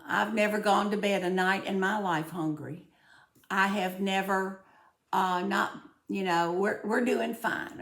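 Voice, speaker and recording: Folksy Southern woman with a gravelly voice. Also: mid-range voice, echoey room. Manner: folksy, heartfelt, often says y'all. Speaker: host of a home budgeting channel. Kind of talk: casual chat to viewers.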